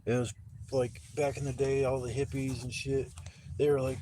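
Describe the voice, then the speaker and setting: A man's voice: medium pitch, level tone, normal speed, dark tone, a little hiss or hum. A man in his forties telling rambling stories on a casual livestream, laid-back and profane, acting out the voices of people in his stories. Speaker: livestream host. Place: outdoors at a campsite.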